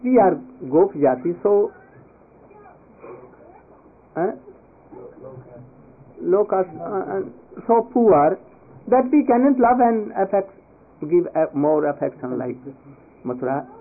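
A man's voice: a little high, takes it slowly, long pauses. A man giving a devotional discourse, telling a sacred story and prompting listeners to finish his words. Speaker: spiritual teacher. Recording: tinny phone-like audio.

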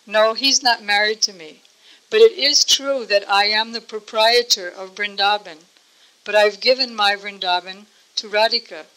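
A woman's voice: medium pitch, fairly even intonation, normal speed, bright, forceful tone, lightly acted, poor audio. A woman speaking as a proud female forest goddess, firm and dismissive.

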